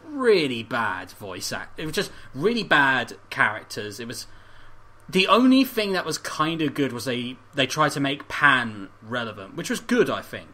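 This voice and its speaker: Animated, bright-voiced man chatting casually. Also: medium pitch, moderate pace. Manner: laughs often, swears, rambling tangents. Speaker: podcast co-host. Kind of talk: casual chat.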